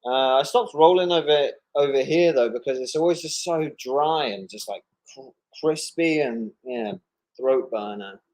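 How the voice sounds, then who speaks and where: A man's voice: a little high, lively intonation, measured pace, vocal fry, a little mellow. A man co-hosting a casual comics chat over a video call, laid-back and hesitant, with frequent fillers. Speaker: co-host reading viewer questions.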